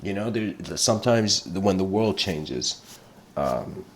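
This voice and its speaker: Deep-voiced man lecturing. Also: animated, takes it slowly. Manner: meandering storytelling, frequent throat clearing. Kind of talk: livestreamed philosophical lecture.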